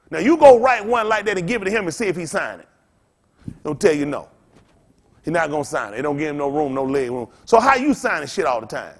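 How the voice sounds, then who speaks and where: Man, pastor, high voice, blunt and profane, rambling sermon, call-and-response. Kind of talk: informal preaching to a congregation.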